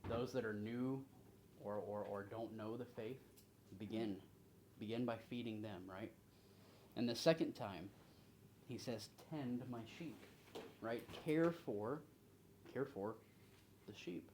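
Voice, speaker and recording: A man's voice: lowish voice, takes it slowly, long pauses, a little mellow, low-quality recording. A man leading an informal Bible study in a conversational way. He reads scripture aloud and puts questions to the group. Faint room noise sits in the background. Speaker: pastor.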